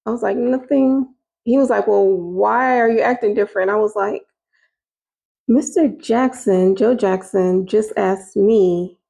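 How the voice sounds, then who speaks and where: A woman's voice: vocal fry, darkish tone, breathy edge. A woman telling a personal story in a casual, chatty way, acting out what people said to her. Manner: casual and chatty, acting out quoted lines with rising pitch. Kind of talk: storytime recounting a personal experience.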